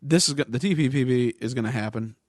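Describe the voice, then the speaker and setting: A man co-hosts a podcast, explaining politics casually and slipping in dry jokes. His voice sits at an ordinary middle pitch. The recording is close and dry. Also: fast, no room sound. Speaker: podcast co-host. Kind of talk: casual discussion.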